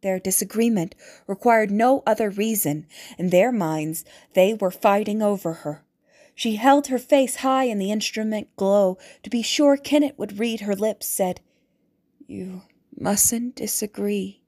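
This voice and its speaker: A woman reading a novel aloud as audiobook narrator, in a measured, deliberate way. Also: medium pitch, darkish tone.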